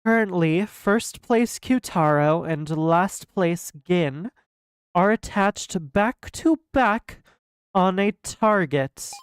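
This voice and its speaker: Woman reading a flat, mocking villain host in a game, slow and deadpan. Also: clean tone, dry recording. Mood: taunting. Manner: mocking, smug, low and drawn-out. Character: cold expressionless masked male game master. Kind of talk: reading game dialogue aloud.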